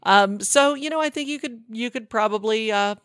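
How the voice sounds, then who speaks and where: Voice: medium pitch, normal speed, a bit bright, clear, resonant tone, no room sound, studio quality. A co-host reading out quirky local news stories in a casual, amused podcast chat. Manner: chatty, amused, many fillers and restarts.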